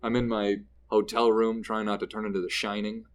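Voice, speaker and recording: A man's voice: lowish voice, fairly quick, a little hiss or hum. A man from Canada, a comedian guest in a casual interview, telling stories and acting out the people in them. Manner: animated, acts out quoted people mid-story.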